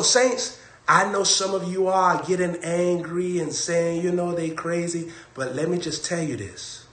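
A man's voice: a little high, fairly bright tone, roomy sound. A man preaching a sermon on a livestream, emphatic and repetitive, hammering his key phrases over and over.

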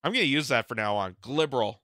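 A man's voice: medium pitch, animated, fast talker, sharp tone, no echo. A man from Canada hosting a political commentary video, mocking and exasperated, laughing at his own jokes.

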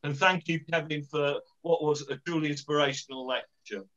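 A man comments with enthusiasm after a local-history lecture. His voice is bright and forceful, a little high. He joins from a video call, and the audio sounds dull and lo-fi. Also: normal speed. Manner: animated, enthusiastic.

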